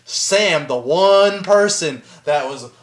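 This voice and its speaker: A woman in a casual podcast chat, ranting and swearing as she acts out scenes. Her pitch swings widely while her delivery stays slow and drawn out. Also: lively intonation. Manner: profane, ranting, acts out characters. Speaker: podcast co-host.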